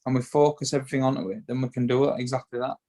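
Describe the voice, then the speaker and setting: Warm in tone and very fast, the medium-pitched voice of this bare-knuckle boxer keeps fairly even intonation. He's a Yorkshire guest in a casual interview who rambles, repeating words and starting over often.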